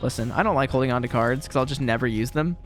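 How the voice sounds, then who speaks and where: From a room at home, a young man offers casual commentary on his gameplay, talking fast at a medium pitch with faint music in the background. He's rambling and chatty, often putting himself down.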